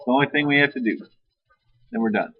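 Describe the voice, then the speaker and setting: Speaking fast in a mid-range voice, this male math teacher runs his lesson in a casual, teasing way with his students. The classroom recording sounds dull and lo-fi.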